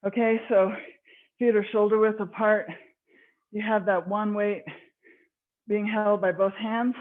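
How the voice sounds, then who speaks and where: A woman's voice: medium pitch, flat delivery, measured pace. A woman fitness instructor leading a live online workout class, slightly out of breath, encouraging and counting reps. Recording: tinny phone-like online call audio.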